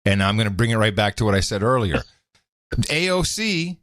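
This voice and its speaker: A podcast host from Europe, talking in a loose, joking way. His pitch swings widely as he goes. The sound is close and dry, with no room at all. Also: dry recording. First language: Dutch. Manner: animated, chuckling, quick to joke. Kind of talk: casual talk.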